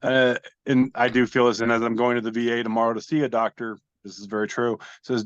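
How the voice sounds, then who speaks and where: A man's voice: mid-range voice, level tone, fast, hardly any pauses, no room sound. Guy hosting a meme podcast, rambling, swears a lot, dry dull call audio. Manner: rambling, self-deprecating, swears casually. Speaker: podcast host reading memes. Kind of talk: casual chat, describing memes aloud. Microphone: video call.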